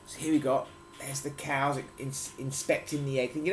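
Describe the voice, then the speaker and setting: Playful dad reading a picture book. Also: male voice, medium pitch, level tone, moderate pace, slight background noise. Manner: playful, explains words and points at pictures. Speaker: father reading to his children. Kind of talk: reading a picture book aloud with chatty asides.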